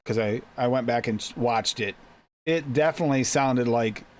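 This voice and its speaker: A man's voice: mid-range voice, normal speed. A man hosting a live stream, chatting casually in a rambling, laid-back way. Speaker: host of a DIY mixing show.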